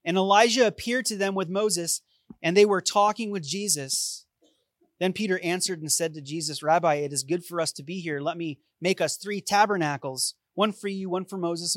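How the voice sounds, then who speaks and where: Pastor, male, lively sermon delivery, close dry recording. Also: high voice, dry recording. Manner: animated preaching, swings from loud to hushed.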